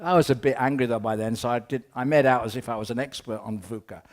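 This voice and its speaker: A man giving a humorous talk, telling a rambling anecdote full of wry asides and quick jokes. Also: medium pitch. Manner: rambling, often restarts with "anyway". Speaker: keynote speaker.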